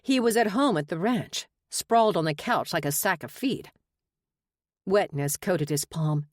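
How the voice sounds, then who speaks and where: Woman reading an audiobook, lowish voice. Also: no echo, studio quality. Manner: measured, expressive reading. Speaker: audiobook narrator. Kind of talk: scripted narration.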